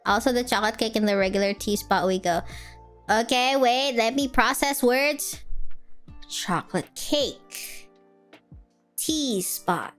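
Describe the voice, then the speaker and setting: A woman's voice: a little high, fairly even intonation, moderate pace, soft background music. A woman streamer, chatting casually and teasing with lots of laughter.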